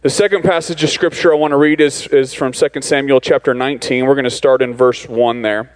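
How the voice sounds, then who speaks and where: A man's voice: mid-range voice, fairly even intonation, a little fast, rough recording. Man preaching a joking, easygoing sermon. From Arizona. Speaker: guest pastor. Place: church sanctuary.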